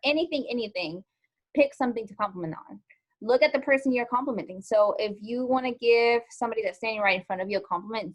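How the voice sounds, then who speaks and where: A woman teaching a social skills lesson to an online class. She talks in a chatty, informal way, with many "ums" and "likes", and keeps asking the students questions. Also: mid-range voice.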